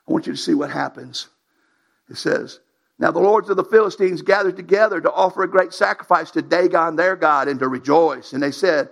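A preacher with a strongly gravelly, raspy voice that sits high for a man. He preaches in a folksy, emphatic way, reading scripture and exhorting his congregation in plain colloquial speech. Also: normal speed, fairly bright tone. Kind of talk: sermon.

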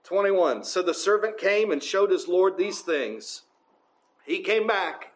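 A man's voice: sits high, expressive, slow pace, echoey room, rough recording. A man preaching a sermon in a conversational way, often checking in with his listeners. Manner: conversational, often asks the congregation "right?".

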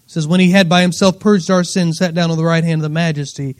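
High-voiced man preaching a sermon. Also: steady tone, fast talker. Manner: swings between loud emphatic preaching and quiet low asides; reads scripture aloud, repeats words, laughs between points.

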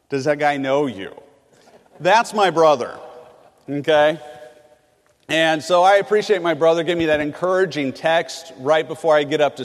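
A man from California delivers a sermon in a large campus hall. His voice sits a little high and carries a long reverb trail. He alternates loud, emphatic surges with soft, hushed phrases. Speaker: preacher.

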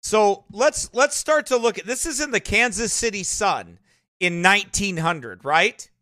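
A man with a rural American accent hosts a reaction video, exclaiming, repeating himself and preaching excitedly. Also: high-pitched, unhurried, dry recording, studio quality. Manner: repeats phrases, exclaims, wonders aloud. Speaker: host reacting to a documentary.

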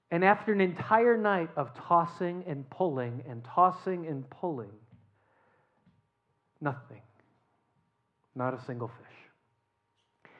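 A pastor preaching a sermon, telling the story with animated rhetorical questions and often dropping to a hushed tone. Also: mid-range voice. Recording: dull lo-fi sermon recording.

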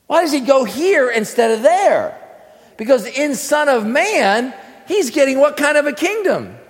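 In a big-sounding room, a man with a very high, very animated voice teaches scripture like a sermon, taking his time. As a preacher leading a class, he quizzes the audience and supplies the answers himself.

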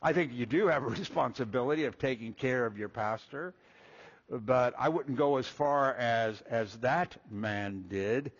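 A man preaching a sermon, folksy and animated, acting out little quoted voices as he walks through Scripture. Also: mid-range voice, a little slow, muffled recording. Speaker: pastor.

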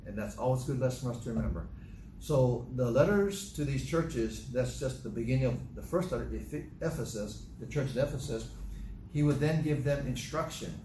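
Older male pastor, lively sermon delivery with acted-out dialogue; echoey, noisy recording. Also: mid-range voice, moderate pace. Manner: animated, acts out dialogue in different voices. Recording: echoey room with noticeable noise.

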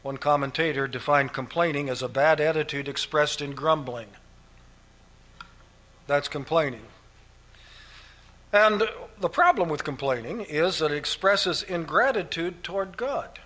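Male pastor, emphatic sermon delivery in a somewhat high voice, hammers points by repetition. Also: a little slow, pauses often, sharp tone. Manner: emphatic, repeats key phrases, structured numbered points.

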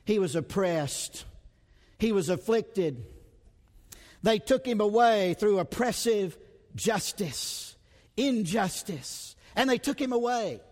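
A man preaching an expository sermon, dramatic and emphatic, repeating rhetorical questions, stretching out words and dropping to a hush. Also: sits high, animated, slow pace, big-room sound.

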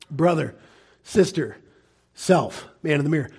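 Male preacher, high-pitched, urgent and pleading, drops to quiet asides. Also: animated, unhurried, breathy edge. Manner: earnest, pleading, swings from loud urging to hushed asides. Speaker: pastor. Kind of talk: sermon.

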